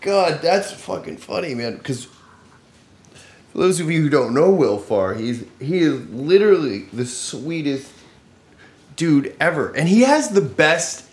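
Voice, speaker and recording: A man hosting a podcast in a playful, animated, profane casual chat. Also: a little high, unhurried, echoey room. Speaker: podcast host.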